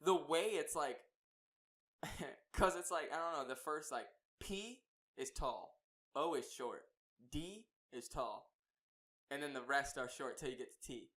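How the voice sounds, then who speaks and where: A man co-hosting a podcast, chatting excitedly in slangy, casual speech. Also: fairly high pitch, measured pace. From Florida. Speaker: podcast co-host. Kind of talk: casual chat.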